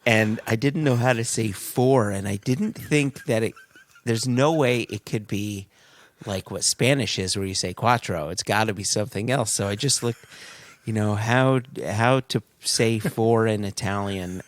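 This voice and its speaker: A middle-aged man co-hosting a podcast in casual chat, telling stories in an animated way and laughing at himself. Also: on the low side, unhurried. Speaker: podcast co-host.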